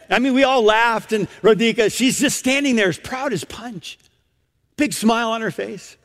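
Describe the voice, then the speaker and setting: A man's voice: very high-pitched, normal speed, long reverb tail. A man preaching a sermon, emphatic and storytelling, often repeating words as he goes.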